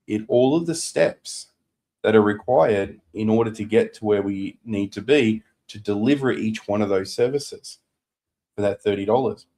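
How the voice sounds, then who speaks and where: A man's voice: on the low side, warm tone. A man, co-hosting a business podcast, telling a client story in casual chat and acting out what people said.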